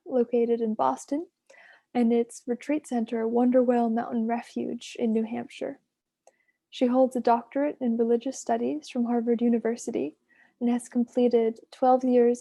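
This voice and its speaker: A woman hosting an online session, introducing the guest teacher in an even, read-from-notes way. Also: on the high side, creaky. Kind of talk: scripted introduction. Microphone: online video call.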